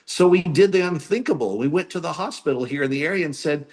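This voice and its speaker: A man's voice: fairly high pitch, fast talker. A man being interviewed as a filmmaker, speaking earnestly and encouragingly. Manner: earnest, encouraging, plain-spoken. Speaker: filmmaker guest. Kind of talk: interview answers.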